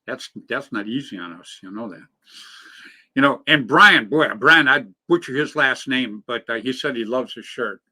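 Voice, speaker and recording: A man's voice: medium pitch, moderate pace, pushed and bright. A middle-aged man co-hosting a live talk show in casual, jokey banter. He rambles and laughs easily. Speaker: co-host of a live paintball show.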